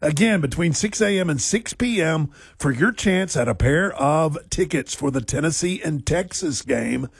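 A man's voice: on the high side, vocal fry, slightly rough, dry recording, studio quality. A man hosting a sports talk radio show, reading promos playfully and laughing with his co-host. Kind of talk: casual radio banter. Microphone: studio microphone.

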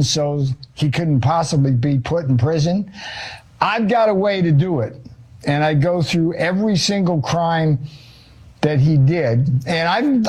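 A male author and economist appears as a guest on a talk show. He tells an animated story, acting out quotes and swearing casually, in a voice on the high side.

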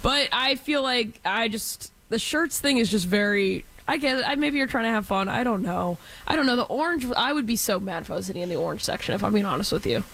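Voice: medium pitch, expressive, fairly quick, vocal fry, hardly any pauses, a bit bright. Twenties, from Texas, sports talk co-host, chatty, filler-heavy.

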